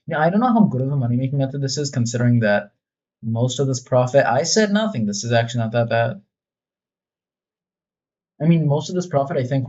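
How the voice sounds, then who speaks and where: Casual gameplay commentary comes from a man whose mid-range voice sounds a little mellow, delivered in a rambling, self-mocking style. He's a gaming video creator, and the audio is slightly muffled and lo-fi.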